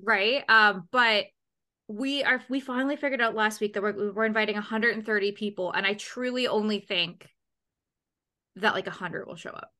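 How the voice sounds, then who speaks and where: A young woman hosting a casual chat, bubbly, with quick asides and repeated words as she starts her sentences. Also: mid-range voice, pushed and bright. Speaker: podcast host.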